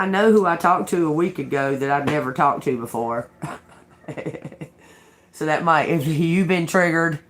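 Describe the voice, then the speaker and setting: A woman tarot reader talks straight to her viewers in a loose, unscripted way. She swears freely, laughs often and tells her story with lively, animated energy. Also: low-pitched. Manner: addresses viewers as y'all. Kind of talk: casual tarot reading to camera.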